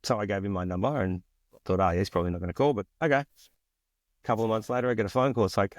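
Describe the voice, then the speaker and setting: An Australian man in his forties telling stories from his career in a lively, chatty way, acting out the people he quotes. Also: fairly low pitch, very fast, no room sound, studio quality. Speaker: guest. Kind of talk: casual storytelling interview.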